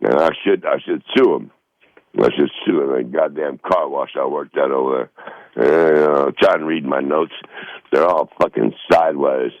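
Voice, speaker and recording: A man's voice: extremely low pitch, normal speed, no echo, muffled recording. A middle-aged man hosting a podcast, rambling profanely through his notes in a casual monologue. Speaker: podcast host. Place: Northern Michigan home.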